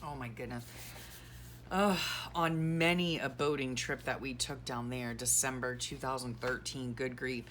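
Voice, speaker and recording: A middle-aged woman vlogger with a rumbling low, slightly bright voice chats casually while decluttering her craft keepsakes. Her intonation stays fairly even and her pace measured, though she gushes and rambles sentimentally. Slight background noise is present.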